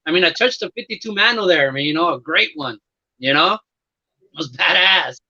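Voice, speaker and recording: High, bright-voiced man chatting casually. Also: expressive, moderate pace, muffled recording. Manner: laid-back, rambling with lots of fillers. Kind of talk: casual chat.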